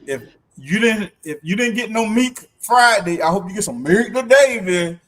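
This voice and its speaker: A middle-aged man chatting on a livestream from home, with a voice that sits somewhat high for a man. He tells stories in an animated way, laughing often and acting out other people's lines. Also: a little slow. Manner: animated storyteller, laughs often, acts out quotes. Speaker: livestream co-host. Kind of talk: casual chat.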